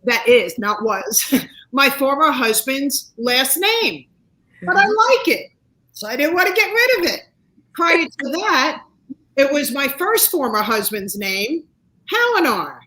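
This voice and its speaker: A woman in her sixties, a talk-show guest telling personal stories in an animated, motivational way. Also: fairly high pitch, low-quality recording. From United States. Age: 60s. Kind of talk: casual interview chat.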